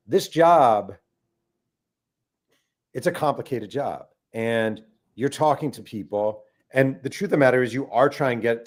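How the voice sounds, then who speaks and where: A man's voice: medium pitch, darkish tone. A middle-aged man, an author guest, telling a story animatedly in a casual interview and acting out the voices he quotes.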